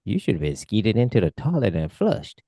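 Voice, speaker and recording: A man's voice: on the low side, very animated, normal speed, dark tone, no room sound, studio quality. A man co-hosting a comedy podcast, riffing on crude punchlines and repeating them. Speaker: podcast co-host.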